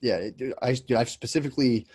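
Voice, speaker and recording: A man's voice: medium pitch, quick pace, a little mellow, slightly rough. A man, a comedian, talking as a podcast guest in casual chat, rambling with many restarts and swearing freely.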